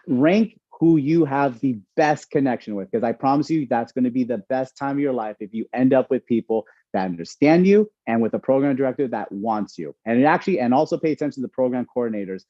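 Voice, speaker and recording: Animated male speaker with a mellow tone, on slightly dull, dry audio. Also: medium pitch, dry recording. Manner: animated, chatty, lots of fillers. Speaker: incoming resident physician giving a talk. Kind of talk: casual storytelling talk.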